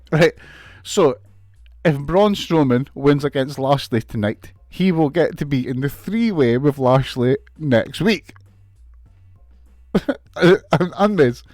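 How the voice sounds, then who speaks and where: Male reviewer, higher register, sarcastic and profane, casual recap, dry close recording. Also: a little mellow, dry recording. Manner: sweary, sarcastic, laughs often. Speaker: wrestling show reviewer.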